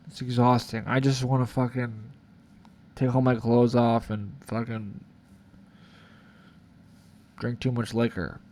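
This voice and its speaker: A man's voice: mid-range voice, flat delivery, measured pace, pauses often, a little mellow, a little hiss or hum. A young man in his twenties, rambling through a profane, confessional vlog monologue full of "like" fillers. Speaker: vlogger.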